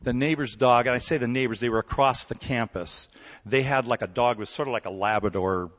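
A man preaching a sermon in a relaxed, conversational way, telling stories and often checking in with his listeners. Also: mid-range voice, brisk. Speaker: pastor. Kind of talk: sermon with storytelling. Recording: dull recording in a hall with long reverb.

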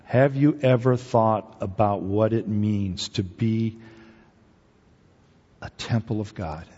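A man's voice: lowish voice, slow pace, dark tone, breathy edge. A man preaching a sermon as pastor, speaking emphatically and conversationally, with many rhetorical questions to the congregation. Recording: dull audio with long hall reverb.

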